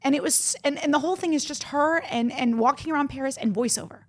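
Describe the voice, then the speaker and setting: A woman's voice: sits high, fast. A woman co-hosting a podcast, chatting casually in a rambling way full of fillers and restarts. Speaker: podcast co-host. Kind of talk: casual chat.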